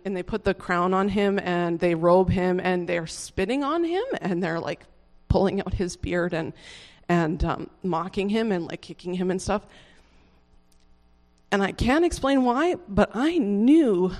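A speaker telling a personal conversion testimony in a casual, earnest and halting way, with many restarts, fillers like "like", and soft laughs. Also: mid-range voice, in a large hall.

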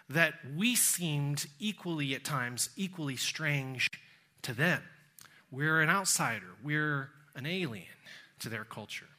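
A middle-aged man with a Texan accent delivers a sermon. His voice is high and very bright. He tells stories with quoted voices and drags out key phrases for weight. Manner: storytelling with quoted voices, slowing for emphasis. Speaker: pastor.

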